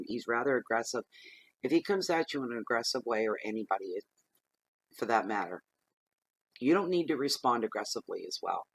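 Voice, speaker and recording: A plain-spoken man talks through a tarot reading in a loose, repetitive, chatty way. His voice sits at an ordinary pitch. The sound is dry and close, with no room echo. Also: fairly bright tone. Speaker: tarot reader.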